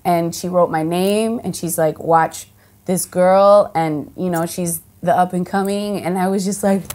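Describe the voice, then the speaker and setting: An actress from the United States of Dominican heritage, chatting casually in an interview, full of fillers and restarts and lively quoted voices. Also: female voice, lowish voice, normal speed. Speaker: actress and singer, guest.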